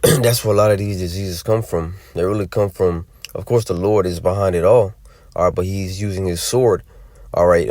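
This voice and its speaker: Deep-voiced man preaching with drawling asides. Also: a little mellow, no echo. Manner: drawling, many fillers and tag questions. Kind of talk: scripture teaching.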